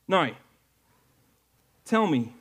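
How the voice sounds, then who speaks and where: A man's voice: a little high, sing-song, drawn-out words, fairly bright tone. A man preaching a sermon to his church, earnest and building to emphatic peaks. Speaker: pastor.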